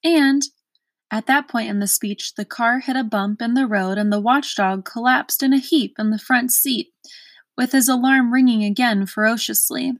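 A woman reading a children's storybook aloud in a measured, expressive way. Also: fairly high pitch, no room sound. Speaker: storybook reader.

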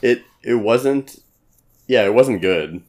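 A young man in casual chat as a podcast co-host, making dry, deadpan jokes. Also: mid-range voice, slow.

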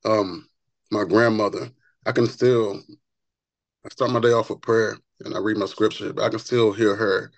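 A man, a barber and author, telling stories as a podcast guest in an earnest, animated way, often repeating words as he gets going. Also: fairly low pitch, normal speed, dry recording, poor audio. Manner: repeats words when excited. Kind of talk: conversational interview storytelling.

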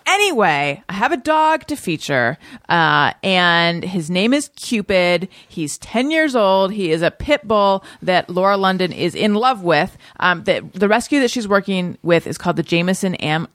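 Lively-voiced woman hosting a podcast. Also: lowish voice, no echo, studio quality. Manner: chatty and swearing freely, quick laughs. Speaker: podcast host. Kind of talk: casual chat.

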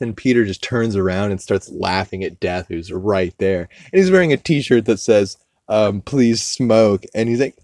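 A man hosting a podcast, loosely recapping a cartoon episode with fillers and swearing, acting out characters' lines in higher voices. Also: a little slow, few pauses, darkish tone, no echo, clean studio sound. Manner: rambling, loose, with profanity and frequent fillers. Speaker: podcast host.

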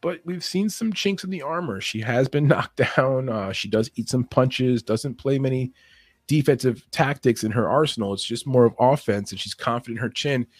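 A man's voice: mid-range voice, no room sound. A man giving a casual, loose breakdown of fight betting lines in podcast style, restarting his sentences often. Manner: talks fast and loose, restarts often, chuckles at his own points. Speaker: MMA betting analyst.

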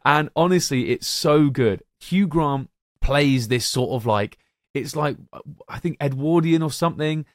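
A man's voice: on the high side, measured pace, dry recording, studio quality. A young man co-hosting a podcast, enthusiastically praising films and addressing listeners like a showman. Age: young adult. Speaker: podcast co-host. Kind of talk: enthusiastic film-ranking chat.

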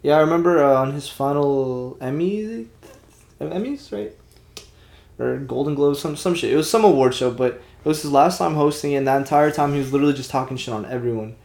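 A young man co-hosting a podcast in casual chat, talking in quick, animated bursts full of filler words. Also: a little high, creaky. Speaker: podcast co-host. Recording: roomy echo.

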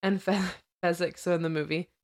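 Her fairly low voice stays steady at a moderate pace. She co-hosts a podcast, chatting casually about a film, laughing often, and recounting scenes and trivia.

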